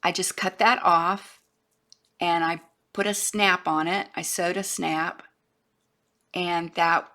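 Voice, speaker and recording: A chatty craft vlogger from Florida, USA, speaks in a gravelly, lowish voice that's slow, bright and forceful, with fairly even intonation. Her casual show-and-tell rambles, trails off and restarts, and sometimes drops to a whisper.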